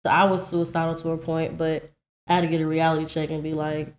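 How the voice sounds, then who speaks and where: A woman's voice: sits low, flat delivery, quick pace. A woman co-hosting a podcast, talking bluntly and animatedly in casual chat and laughing easily. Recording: echoey room.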